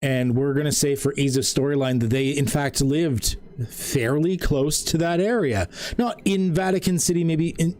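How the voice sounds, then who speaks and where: A man runs a tabletop game, rambling through his narration with plenty of fillers. His voice sits somewhat high, and faint music plays in the background. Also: normal speed, a little mellow. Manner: rambling, laughs often, lots of fillers. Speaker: game master.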